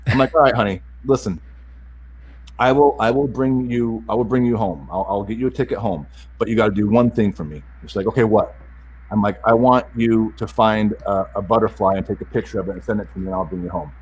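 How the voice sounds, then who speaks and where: Middle-aged man, quick talker, animated storyteller, faint background noise. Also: fairly low pitch, rough recording. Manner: animated storyteller, acts out the voices of others. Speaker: podcast guest. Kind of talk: casual storytelling interview.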